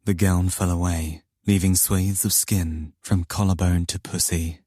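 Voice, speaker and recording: A man narrating an audiobook in first person, in a slow, low, intimate and brooding manner. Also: steady tone, dark tone, dry recording, clean studio sound.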